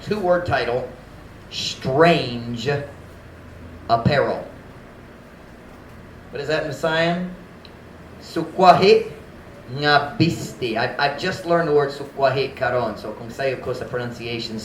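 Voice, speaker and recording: A man preaches a sermon, with a high, bright tone that carries through an echoey church hall. He often stops to ask the congregation how to say a word, then builds to forceful, emphatic questions. A faint hum of room noise sits behind him. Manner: mixes English and Cebuano, often pauses to ask about words. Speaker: pastor. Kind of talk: bilingual sermon.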